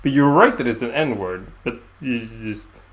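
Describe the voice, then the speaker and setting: A man with a Swedish accent chats casually, teaching a friend his language. He speaks in a relaxed, patient way, often pausing on fillers as he searches for phrasing. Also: mid-range voice.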